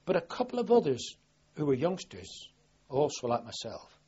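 Husky-voiced older man recounting memories. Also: fairly high pitch, huge pitch swings, moderate pace, dark tone. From southwest England. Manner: rambling, plain-spoken storytelling with many restarts. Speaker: war veteran interviewee. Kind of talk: oral history recollection. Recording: dull lo-fi archive recording.

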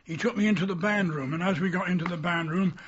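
A man's voice: high voice, fairly even intonation, quick pace, a little hiss or hum. An older man telling rambling stories from his army boyhood in an oral history recording, slipping into the voices of the people he quotes. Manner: rambling storyteller, acts out quoted voices, chuckles. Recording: dull lo-fi recording.

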